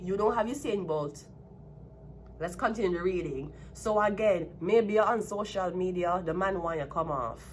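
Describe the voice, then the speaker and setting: A woman's voice: lowish voice, a bit bright, slight background noise. A woman from Jamaica with a Jamaican accent giving a tarot reading, breaking into a blunt, profane rant. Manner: heated ranting, blunt and profane. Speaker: tarot reader. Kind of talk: casual tarot reading vlog.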